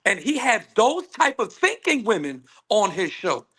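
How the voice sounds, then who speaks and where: Guy on a panel call, pretty high voice that jumps all over, emphatic. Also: a little slow, breathy edge. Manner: animated, emphatic, acts out quoted women. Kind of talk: casual panel discussion. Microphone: phone on a call.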